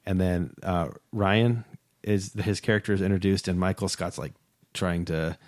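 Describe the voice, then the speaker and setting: A man's voice: low voice, fairly even intonation, normal speed, dry recording, clean studio sound. A man hosting a casual podcast chat, laughing often and retelling scenes at length. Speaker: podcast host. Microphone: headphones with close mic.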